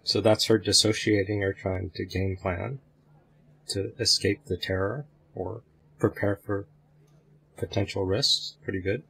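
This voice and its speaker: A man hosting a discussion group, giving slow, wry commentary between excerpts. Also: lowish voice, fairly even intonation, creaky, fairly bright tone, breathy edge.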